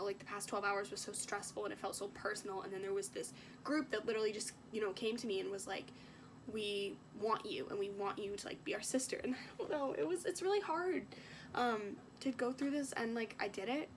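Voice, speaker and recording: In a noisy setting, a young adult woman with a mid-range voice vlogs in a relaxed, chatty way. Sick, she coughs from time to time and leans on fillers as she recounts something emotional.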